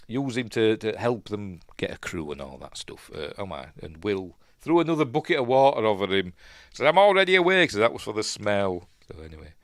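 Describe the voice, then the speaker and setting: A man with a Yorkshire accent chats his way through a film as he watches it, rambling and wandering off on tangents. His voice sits on the low side but swings up and down a lot. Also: fairly bright tone, no echo, studio quality. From Yorkshire, England. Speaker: film reviewer, channel host. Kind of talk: casual rambling commentary while watching a film.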